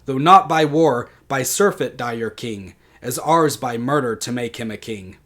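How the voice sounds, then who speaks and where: A man's voice: medium pitch, expressive, a bit bright. A vengeful old queen casting curses, read by a man. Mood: cursing. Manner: slow, deliberate dramatic reading of verse. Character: bitter deposed old queen hurling curses. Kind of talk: dramatic reading in a lecture.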